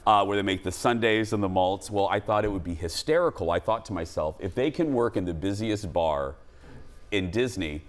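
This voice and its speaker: A man's voice: fairly low pitch, moderate pace. A male talk show host in his forties, from Minnesota, chatting casually and laughing often. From Minnesota, USA. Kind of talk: casual chat.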